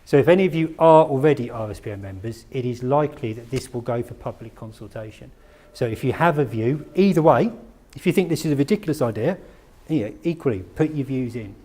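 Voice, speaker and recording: This conference room talk comes from a man whose voice is medium-pitched, warm, and husky, with lively intonation and a fairly quick pace. He speaks conversationally, asks the audience questions, and makes self-deprecating asides.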